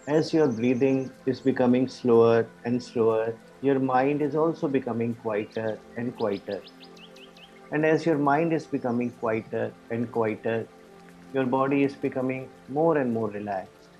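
A man coaching a group through a guided meditation, giving slow, soothing, repetitive relaxation cues over an online call. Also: mid-range voice, a little mellow, dull audio. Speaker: life coach leading a guided relaxation session.

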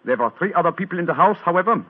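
A man's voice: high voice, animated, rapid-fire, pitched above the performer's own voice. A man faking a stiff German count, tinny. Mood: formal. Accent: put-on German. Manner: stiff, formal, exaggerated courtesy. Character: detective disguised as a German count. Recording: tinny old radio broadcast.

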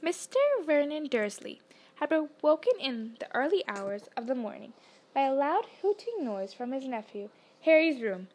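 A woman reading a novel aloud as an audiobook narrator, lively and expressive. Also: on the high side, moderate pace. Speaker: audiobook reader.

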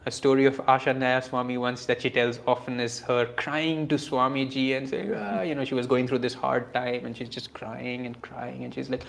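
A man's voice: mid-range voice, normal speed, gravelly. Earnest man teaching scripture. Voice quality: earnest and self-deprecating, with frequent soft laughs. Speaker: spiritual teacher. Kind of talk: reflective scripture talk.

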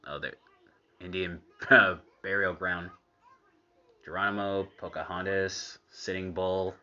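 A man's voice: deep voice, level tone, bright, forceful tone, highs cut off. A man giving casual commentary while watching a cartoon episode. He laughs often and chats in an easy way. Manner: laughs often, unhurried and chatty.

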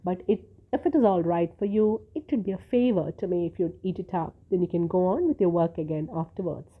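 A woman reading a story, voicing a grieving young housewife who is sweetly polite and quietly calculating, with a soft, pleading manner. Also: fairly low pitch, brisk, husky. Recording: tinny phone-like sound.

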